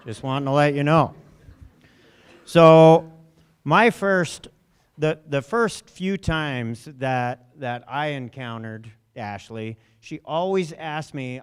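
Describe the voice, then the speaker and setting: A man's voice: on the high side, clear, resonant tone. A man emceeing a memorial service in a lecture hall, speaking into a handheld microphone and telling anecdotes, briefly mimicking voices in his quotes. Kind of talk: speaking to a gathering.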